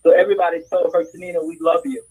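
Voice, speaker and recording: A woman's voice: fairly low pitch, fairly even intonation, rapid-fire, a little mellow, breathy edge, low-quality recording. An older woman telling an emotional testimony on a church prayer call over the phone, breaking into praise. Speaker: prayer line participant.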